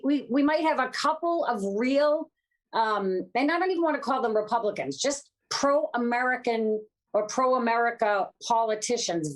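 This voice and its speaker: A woman guest on a political talk show, talking emphatically and repeating her points. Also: fairly high pitch.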